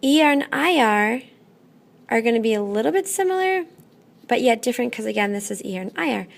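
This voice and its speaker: A woman teaching a classroom lesson, patient and methodical, often pausing to check in. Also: a little high, animated, vocal fry. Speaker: Spanish teacher.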